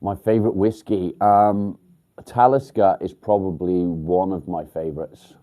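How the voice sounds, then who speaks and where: An English man hosting a casual livestream, chatting bluntly with viewers, swearing freely and filling pauses with ums. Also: low-pitched, steady tone, dark tone. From England. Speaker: livestream host. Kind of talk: casual live chat with viewers. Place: outdoors by a field.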